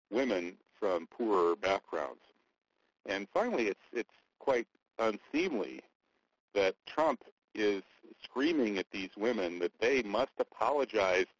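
A very deep-voiced man talks through political commentary in a halting way, full of fillers and restarts. The recording is dry and close, with no room sound. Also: dry recording, rough recording.

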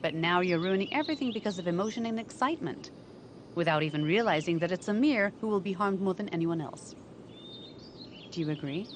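An actress playing a composed adoptive mother who speaks in a measured, firm and reasoning way in a dubbed drama. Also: on the low side, lively intonation, background noise, close to an everyday voice. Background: background music.

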